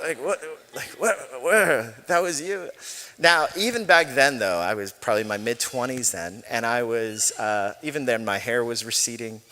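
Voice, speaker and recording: In a church sanctuary with long hall reverb, a pastor in his forties preaches a sermon. He's chatty and self-deprecating, telling stories with laughs. His mid-range voice sounds pushed and bright.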